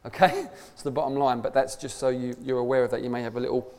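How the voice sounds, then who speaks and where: A man's voice: medium pitch, fast talker, few pauses, a little mellow. A man preaching a conversational sermon, emphatic and full of rhetorical questions. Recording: long hall reverb.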